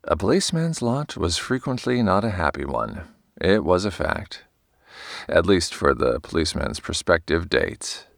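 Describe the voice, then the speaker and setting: Deep gravelly guy reading an audiobook, dry close mic, measured pace. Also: very animated, no echo. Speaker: audiobook narrator. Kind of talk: scripted narration.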